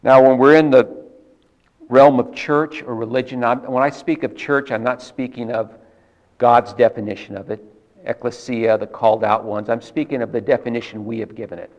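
A man preaching a sermon in an earnest, measured teaching manner, stressing key words with repetition. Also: medium pitch, fairly even intonation, darkish tone, muffled recording.

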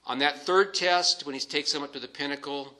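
A man preaching a sermon, teaching scripture in a measured, emphatic way with pauses. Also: fairly high pitch, pushed and bright, low-quality recording.

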